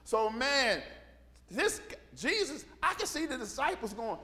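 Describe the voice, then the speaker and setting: Male preacher, folksy storyteller, high voice, long reverb. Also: very animated, a little slow, pauses often, sharp tone. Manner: folksy storytelling, acting out Bible figures in casual slang. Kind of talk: sermon.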